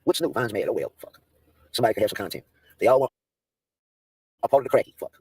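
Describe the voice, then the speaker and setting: Fast, husky-voiced man ranting on a livestream. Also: lowish voice, big pitch swings, a little mellow, dry recording. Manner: profane, confrontational, restarts and repeats himself. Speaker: livestream host. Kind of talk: heated livestream rant.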